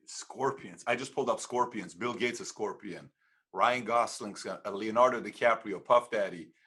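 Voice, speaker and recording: A male host chats casually and stumbles through fillers as he asks questions. His voice is bright and edgy, with a husky, breathy grain. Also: on the low side. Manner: halting, many fillers. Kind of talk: casual chat.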